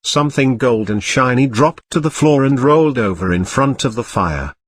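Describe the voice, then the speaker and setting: Brief: deadpan male parody narrator, animated intonation. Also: medium pitch, normal speed, breathy edge, no room sound. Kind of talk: comic storybook narration.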